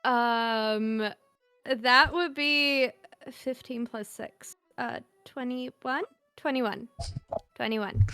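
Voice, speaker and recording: Slow, giggly woman player. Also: sits high, steady tone, bright, forceful tone, clear, resonant tone, soft background music. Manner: slow, thoughtful, many fillers, giggly. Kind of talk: describing her character in a tabletop game.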